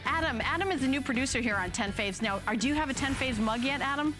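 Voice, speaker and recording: This is a woman in her fifties running a live shopping segment, her voice sitting a little higher than most. She chats loosely and rambles, often restarting her words and breaking into laughs. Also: lively intonation, fast talker, over music. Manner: chatty, rambling, self-correcting, laughs often. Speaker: home shopping host. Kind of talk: live product presentation.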